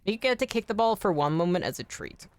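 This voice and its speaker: An American woman chatting casually on a game stream, animated, swearing freely and laughing often. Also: medium pitch, fast, no room sound. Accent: General American. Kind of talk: casual chat while streaming.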